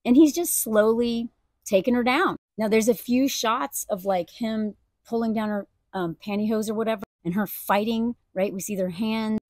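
A woman's voice: a little high, normal speed, a little mellow, dry recording, studio quality. A woman talking earnestly and emotionally in a personal video commentary, speaking casually and addressing viewers directly. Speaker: video creator.

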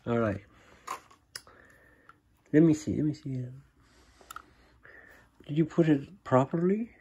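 A man talking to his small daughter at home in a home vlog, patient and gently coaxing, in simple broken English. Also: on the high side, animated, takes it slowly, highs cut off, a little hiss or hum. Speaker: father filming his young daughter. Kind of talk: casual home vlog talk to a child.

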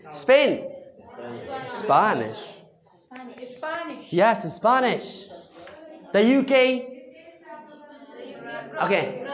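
An English teacher running a classroom drill, asking questions and answering them, repeating simple phrases, and praising often with "very good" and "excellent.". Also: medium pitch. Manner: patient call-and-response questioning with frequent praise.

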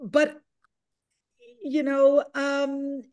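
An older woman with a slightly high voice recalls her film work in an unhurried, reflective way. She wanders through her answers, pausing on fillers and restarting sentences as she gathers her thoughts. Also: monotone, darkish tone. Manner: meandering, with many fillers and restarts. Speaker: film director, guest.

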